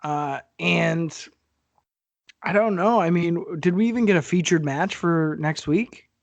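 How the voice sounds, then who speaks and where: A man's voice: fairly high pitch, a little slow, creaky, no echo, dull audio. A man co-hosting a podcast in casual, profane chat, laughing often and talking with animation. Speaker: podcast co-host.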